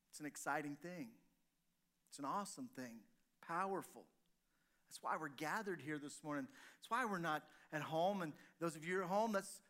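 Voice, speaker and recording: Male pastor preaching, bright and high-pitched, talking straight to his congregation. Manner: preaching, rhetorical questions to the congregation. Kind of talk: sermon. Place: church service, streamed to listeners at home.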